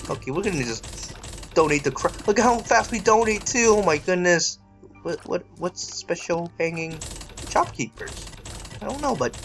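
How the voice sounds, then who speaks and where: A woman with a lowish voice rambles through let's play commentary, poking fun at herself as she plays. Her pitch swings widely, and she yells and laughs whenever a fight gets tense. Faint music sits under her voice. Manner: self-mocking. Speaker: gaming channel host.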